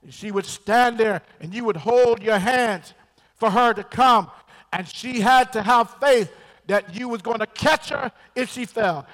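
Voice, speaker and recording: A man preaching a sermon, calling on the congregation to answer back, slow and emphatic, swinging from loud to quiet. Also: high voice. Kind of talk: call-and-response sermon. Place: church sanctuary. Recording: long hall reverb.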